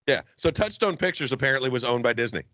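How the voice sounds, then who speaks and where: Quick and expressive, this podcast co-host from the American South has a medium-pitched, sharp-toned voice. He jokes, swears and laughs often in casual comedic chat, heard in a dry, lo-fi recording.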